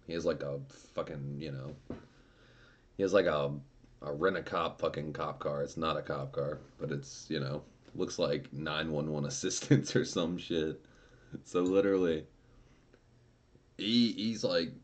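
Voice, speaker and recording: A man's voice: very deep voice, fairly even intonation, a little slow. A man streaming, casually telling a story with lots of swearing and laughter. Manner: profane and laughing.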